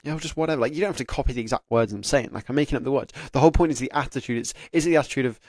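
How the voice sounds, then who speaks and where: A man's voice: medium pitch, very fast, hardly any pauses, darkish tone, no room sound, studio quality. A young man giving casual career advice to camera, chatty and laughing often, slipping into mock inner voices. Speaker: careers YouTuber.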